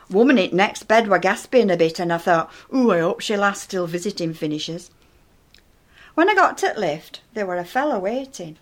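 A woman's voice: mid-range voice, lightly acted. A woman performing a comic character monologue as a gossipy elderly woman with a Northern English accent and dry, matter-of-fact humour. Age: older. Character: chatty, nosy elderly northern widow-type woman.

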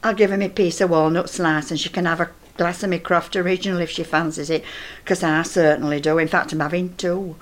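A woman's voice: lowish voice, fairly even intonation, a little fast. An older woman with a Northern English accent, telling a comic monologue in a chatty, gossipy and flustered way.

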